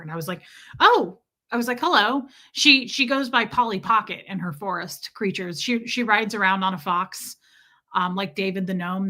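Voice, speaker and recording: A young Midwestern woman with a medium-pitched, sharp-toned voice and a Midwestern American accent hosts a livestream. She chats casually, rambling as she answers viewers' comments.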